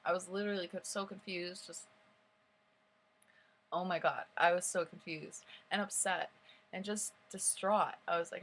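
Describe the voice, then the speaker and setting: A young woman tells a story vlog-style, her voice on the low side and her pace moderate. She rambles, says "like" constantly, and grows emotional and animated as she recounts events.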